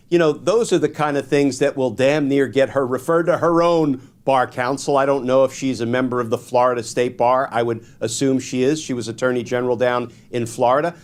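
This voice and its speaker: Measured man explaining legal matters. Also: medium pitch. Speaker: legal analyst guest. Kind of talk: legal commentary on a political show.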